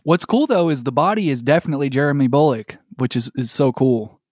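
A man's voice: mid-range voice, a little fast, a little mellow, no room sound, clean studio sound. A man co-hosting a casual chat, eagerly chiming in.

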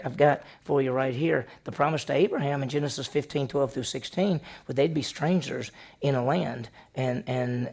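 A man pastor preaching a sermon, questioning the congregation and acting out the story with lively voices. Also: medium pitch, gravelly, slightly rough.

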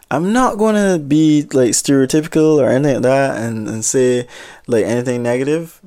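Chatty man telling a story. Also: mid-range voice. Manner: chatty, animated, with asides and laughs. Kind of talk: casual storytime monologue.

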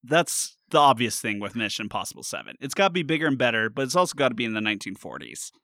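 A man's voice: mid-range voice, big pitch swings, quick pace, bright, forceful tone, no room sound, studio quality. A man hosting a casual comedy podcast, joking and riffing with his co-host. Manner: jokey, puts on an old-timey radio announcer voice.

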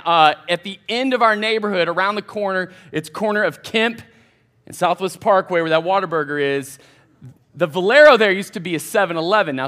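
A man, a college pastor telling a casual, animated story in a sermon to young adults. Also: high voice. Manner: folksy, animated, addresses crowd as y'all. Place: church hall.

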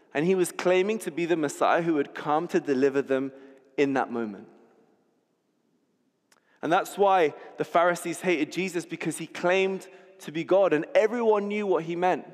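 Guy preaching, paints the scene, trips over words a bit, long reverb. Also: on the high side. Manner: vivid storytelling, repeats words when restarting. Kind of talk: sermon.

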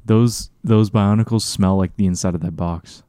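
An enthusiastic young man co-hosting a laid-back podcast. His voice is low and mellow. The recording is dry and close. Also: normal speed, clean tone, dry recording. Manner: excited, enthusiastic. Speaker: podcast co-host. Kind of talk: casual chat.

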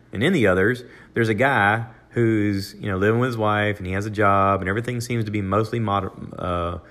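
A man's voice: moderate pace, fairly bright tone. An older American man hosting a podcast alone, talking casually with many fillers and restarts, and raising his voice when he acts out what other people said. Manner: acts out quoted voices in a raised pitch. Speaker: podcast host. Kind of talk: casual solo monologue.

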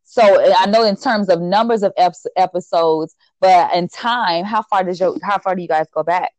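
A woman's voice: fairly low pitch, moderate pace, a little mellow, dry recording. Chatty woman podcast host, dry sound. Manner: loose, upbeat, lots of ums and repeats. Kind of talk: casual chat.

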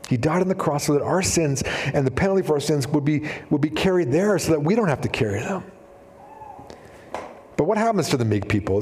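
Pastor preaching in a reverberant hall. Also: male voice, mid-range voice. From Canada. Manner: animated storytelling, acts out quoted voices, casual fillers. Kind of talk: sermon. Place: church sanctuary. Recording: long hall reverb in a church.

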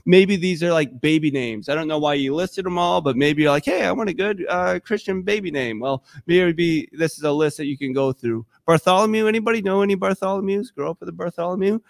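A man's voice: a little high, fairly quick, few pauses, dry recording, studio quality. A man preaching a sermon in a church, talking in a conversational, emotional and impassioned way. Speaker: pastor.

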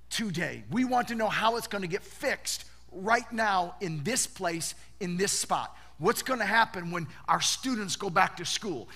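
A man preaching a sermon as a pastor, animated and conversational, often asking rhetorical questions and repeating words as he goes. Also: sits high.

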